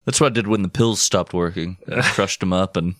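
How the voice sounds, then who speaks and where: A man co-hosting a comedy podcast, riffing with profane, deadpan jokes. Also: sits low, fairly quick, dry recording, clean studio sound. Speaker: podcast co-host. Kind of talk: casual comedic banter.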